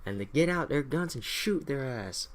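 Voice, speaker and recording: A man recaps history in a loose, joking way, swearing freely. His voice has a middle pitch, and he talks offhand, like he is chatting with friends. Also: lively intonation, moderate pace. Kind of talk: casual profane history summary.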